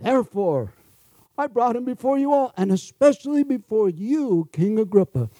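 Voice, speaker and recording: A man preaches with a high-pitched yet mellow, dark voice. He laughs often and slips into sarcastic asides. The sound is dry and close, with no room echo. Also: sing-song, normal speed. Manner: chuckling, sarcastic asides, acts out quoted voices. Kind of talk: sermon.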